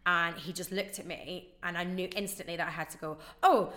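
A woman, a radio DJ, telling stories fast in casual chat and acting out the people she quotes. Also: lowish voice. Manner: fast, animated storytelling with acted-out quotes. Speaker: radio DJ guest.

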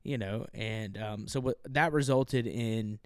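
A man's voice: on the low side, takes it slowly, clean tone, no room sound, studio quality. A man, a military veteran, guesting on a podcast and telling stories in a loose, laughing, profanity-sprinkled way. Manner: laughing, loose, lots of fillers and swearing. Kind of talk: casual storytelling chat.

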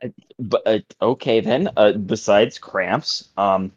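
A nervous, broke young stretchy hero, played by a man, hesitant and eager to please. The voice is fairly low. It comes through dull lo-fi audio. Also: slow pace, husky. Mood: unsure.

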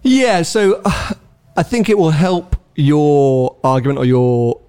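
Guy rambling on a car podcast, voice a bit high, keeps restarting. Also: slow, a little mellow, clean tone. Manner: chatty, rambling, stammers on restarts. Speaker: podcast co-host. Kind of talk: casual car podcast chat.

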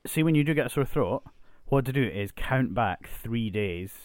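A man co-hosting a casual chat podcast, chatty and self-correcting, dropping into a soft low voice as he muses. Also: expressive, normal speed, dry recording, clean studio sound. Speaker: podcast co-host; teacher.

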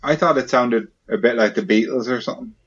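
A man's voice: mid-range voice, a little fast, breathy edge, highs cut off. A man hosting a podcast, chatting casually and playfully, firing off questions. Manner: playful, keeps asking questions and doing silly voices. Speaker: podcast host. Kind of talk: casual chat.

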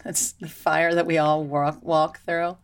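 A woman who teaches yoga to children, telling stories in a lively, chatty way during a relaxed conversation. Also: sits low, unhurried. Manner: animated, chatty storytelling. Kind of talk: casual conversation.

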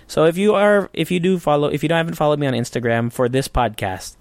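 A man's voice: a little high, fast, dry recording. A man hosting a casual solo podcast, rambling and swearing freely with frequent restarts. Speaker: podcast host.

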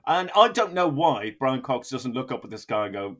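A man's voice: mid-range voice, sing-song, normal speed. A man hosting a comedy podcast, talking in a sweary, mock-outraged joking way. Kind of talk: casual comedic chat.

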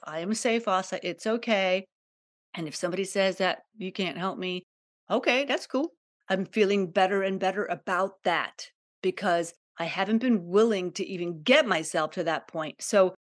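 A woman hosting her own podcast in an open, confiding monologue. She talks with raw emotion, circles back and repeats phrases, and leans in to speak directly to her listeners. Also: medium pitch. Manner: candid, emotional, repetitive, confiding. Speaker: podcast host.

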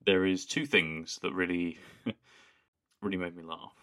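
A man with a very low, deep voice chatting casually as a podcast co-host. He rambles along, amused, and laughs easily. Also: steady tone, takes it slowly, sharp tone. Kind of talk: casual chat.

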